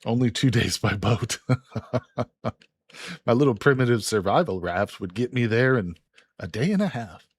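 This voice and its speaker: A man's voice: medium pitch, animated, a little slow, long pauses, breathy edge. A man from Illinois casually commentating a multiplayer game on a live stream, laid-back and joking as he goes. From Illinois, USA.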